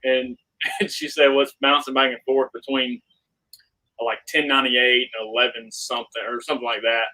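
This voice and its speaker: A young man, an angler guest telling a fishing story in a casual interview, animated and acting out the dialogue. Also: mid-range voice, a little fast, poor audio. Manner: animated, reenacts dialogue, laughs often.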